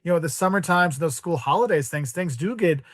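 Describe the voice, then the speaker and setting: A man, a podcast guest, telling casual travel anecdotes in an animated way, acting out the voices of the people in them and using "like" a lot. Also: fairly high pitch, fairly quick. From United States. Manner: animated, acts out quoted voices, heavy use of "like".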